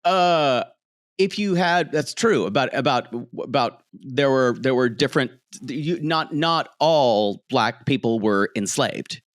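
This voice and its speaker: A man co-hosting a podcast, telling a recap in an animated way. He bounces all over his pitch and slips into playful put-on voices for quotes, laughing as he goes. The sound is dry and close. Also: slow pace, dry recording. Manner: animated storyteller, acts out quotes, laughs often. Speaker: podcast co-host. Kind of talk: casual recap chat. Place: home, street noise outside.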